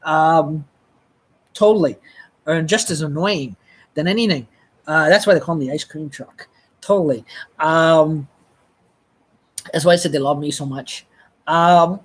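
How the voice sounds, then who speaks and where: A live streamer telling a personal story in a rambling, halting way, with frequent restarts and blunt swearing. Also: mid-range voice, slightly rough.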